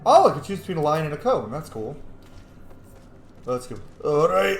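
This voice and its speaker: A man casually commenting on his game playthrough, chatty and excitable. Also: fairly high pitch, moderate pace, creaky, pauses often, echoey room, a little hiss or hum. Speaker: gaming channel host. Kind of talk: casual let's-play commentary.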